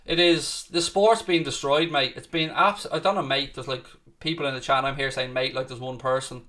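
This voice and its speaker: A watchalong host rants heatedly about football live and engages with the chat. He holds a medium pitch with a steady, sharp tone and a moderate pace.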